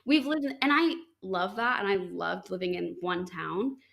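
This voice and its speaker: A woman's voice: mid-range voice, animated, moderate pace, gravelly, fairly bright tone. Young woman, podcast host, chatty storyteller, mid-range voice, loves to quote people. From United States. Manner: chatty, full of "like", acts out quoted dialogue. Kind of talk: casual storytelling chat.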